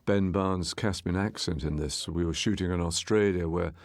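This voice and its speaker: A man, the film's director, giving a measured, explanatory audio commentary with small restarts as he walks through scenes. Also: low voice, dry recording. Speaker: film director.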